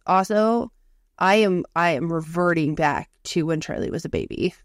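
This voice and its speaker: A woman's voice: lowish voice, moderate pace, no room sound, clean studio sound. A woman in her thirties co-hosting a podcast in casual chat, talkative, swearing freely and filling with "like". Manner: chatty, swears freely, lots of "like". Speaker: podcast co-host. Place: lives in Canada.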